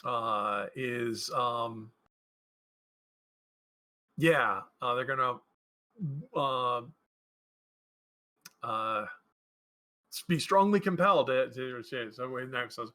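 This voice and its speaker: A man's voice: medium pitch, takes it slowly, pauses often, sharp tone. A man running a tabletop game as game master, hesitant with many fillers and often laughing.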